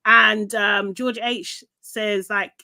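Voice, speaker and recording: A woman co-hosting a casual reality TV recap podcast, telling the story in a lively way and acting out what people said. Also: medium pitch, slow pace, no room sound. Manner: lively storytelling, acting out quotes, laughs easily. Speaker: podcast co-host.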